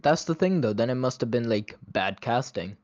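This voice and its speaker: A man's voice: medium pitch, expressive, moderate pace, darkish tone, no room sound, muffled recording. A man in a casual movie review chat, opinionated and chatty, with a lot of "like" between his words. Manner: opinionated, chatty, many "like" fillers.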